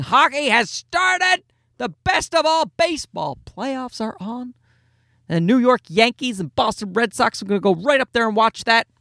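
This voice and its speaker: High-voiced man telling rambling jokey stories. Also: a bit bright, no echo, clean studio sound. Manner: rambling, self-mocking, jokey storytelling with restarts. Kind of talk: casual anecdotal monologue.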